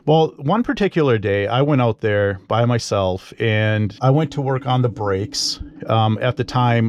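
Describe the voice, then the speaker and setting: A man's voice: medium pitch, darkish tone, slight background noise. A man telling a personal ghost story in a rambling, conversational way, full of fillers and asides.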